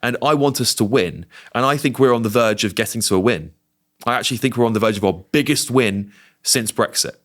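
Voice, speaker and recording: Brief: British male podcast guest, emphatic and animated, quick talker. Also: mid-range voice. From Britain. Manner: emphatic, animated opinion-giving. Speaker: guest, TV presenter. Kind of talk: casual podcast conversation.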